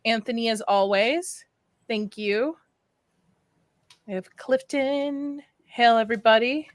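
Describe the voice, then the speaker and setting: A woman's voice: fairly high pitch, slow, dry recording. A chatty woman hosting a casual live stream, laughing as she talks and getting over a flu. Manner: chatty, laughs between words. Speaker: stream host.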